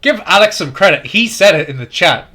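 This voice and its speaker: A man's voice: high-pitched, sing-song, brisk, bright, forceful tone. A man streaming a video game, chatting casually with friends and teasing them, laughing often. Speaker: streamer playing and commentating. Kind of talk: casual chat while gaming.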